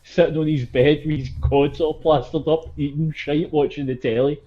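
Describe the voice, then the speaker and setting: A man's voice: on the high side, fairly even intonation, moderate pace, mellow. A man co-hosting a podcast, telling stories in casual chat and swearing freely. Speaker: podcast co-host. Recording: dull lo-fi audio.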